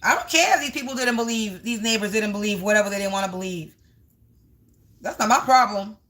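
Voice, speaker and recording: Woman spiritual reader on a home livestream, bright tone, emphatic and repetitive. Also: mid-range voice, a little fast. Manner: emphatic, repetitive, talks straight to viewers. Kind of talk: casual livestream card reading.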